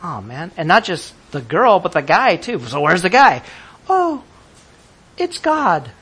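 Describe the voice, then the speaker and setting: Male preacher, expressive and playful, slightly high voice with big pitch swings. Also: moderate pace, husky. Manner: lively, laughing, acts out voices of listeners. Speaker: pastor. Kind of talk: sermon.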